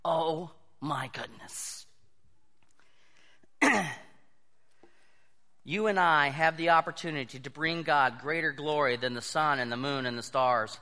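A man preaching a sermon, telling animated stories and acting out the voices of the people in them. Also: fairly high pitch, normal speed. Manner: animated storytelling, acts out quoted voices. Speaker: pastor. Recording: long hall reverb.

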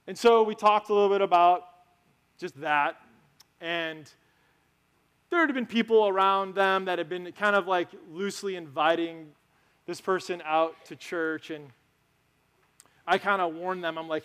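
A man's voice: high-pitched, measured pace, pauses often, a bit bright, clean tone. A man giving a conversational sermon as pastor, telling stories and asking his congregation questions. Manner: conversational, storytelling, asks the crowd questions. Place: church sanctuary.

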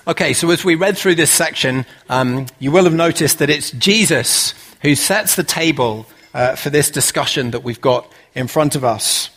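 A man preaching a relaxed, conversational sermon, full of "uh" fillers and rhetorical questions. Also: fairly high pitch, moderate pace, breathy edge.

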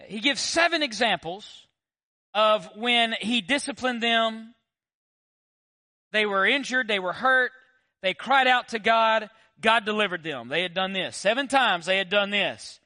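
A pastor preaches in a high, bright voice. He keeps it animated and conversational, tossing rhetorical questions to the congregation. The sound is dry and close. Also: a little slow, no echo. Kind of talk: sermon.

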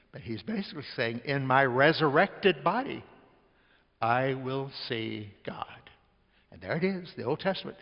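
A man preaching a sermon to a congregation, slowing down to read scripture aloud and leading everyone in reading along. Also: medium pitch, long reverb tail, lo-fi sound. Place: church service.

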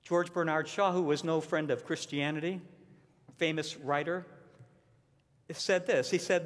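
A man's voice: on the high side, steady tone, a little slow, long pauses. A man preaching a sermon as a pastor, earnest and emphatic, repeating his key points. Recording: long reverb of a large hall.

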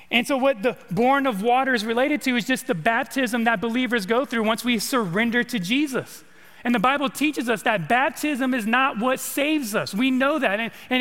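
High, bright-voiced man preaching in a hall. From California. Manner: conversational, repeats words, asks the congregation questions. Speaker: pastor. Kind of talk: sermon.

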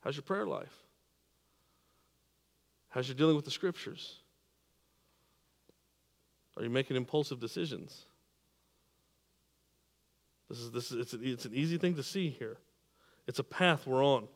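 A man preaching a sermon, repeating and restarting words, swinging between emphatic peaks and quiet drops. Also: mid-range voice, unhurried, creaky, pauses often, in a large hall. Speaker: pastor.

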